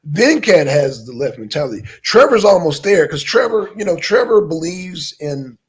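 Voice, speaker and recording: A man's voice: a little high, normal speed, husky. A man hosting a live stream, chatting casually with viewers, reading out chat names and firing off questions. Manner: animated, bursts into shouted questions, mutters to himself.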